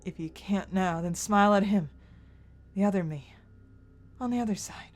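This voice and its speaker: A woman reading a gentle dying huntsman. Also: mid-range voice, moderate pace, natural voice. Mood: soothing. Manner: soft, tender, calm. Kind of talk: reading visual novel dialogue aloud.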